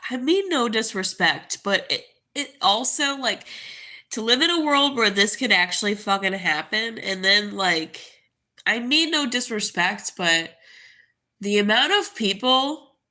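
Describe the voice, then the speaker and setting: A young woman talking to camera in a halting, grieving way, full of fillers and restarts. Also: mid-range voice, animated, bright, forceful tone. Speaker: vlogger. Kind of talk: casual spoken monologue.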